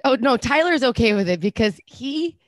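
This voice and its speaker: A woman co-hosting a podcast in casual chat, loud, blunt and teasing. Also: on the high side, expressive, moderate pace, no room sound. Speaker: podcast co-host.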